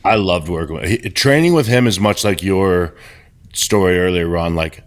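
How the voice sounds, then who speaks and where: A middle-aged man co-hosting a podcast over a video call, telling blunt stories candidly and with lively restarts. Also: low-pitched, moderate pace. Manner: candid, animated storytelling with restarts. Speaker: podcast co-host. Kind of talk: casual podcast chat.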